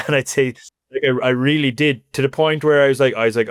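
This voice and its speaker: A man's voice: fairly low pitch, fairly quick, clean tone, no room sound, studio quality. A man in his thirties from Cork with an Irish accent, talking casually as an interview guest and filling his talk with "you know" and "like". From Ireland. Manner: chatty, animated, lots of fillers like "you know".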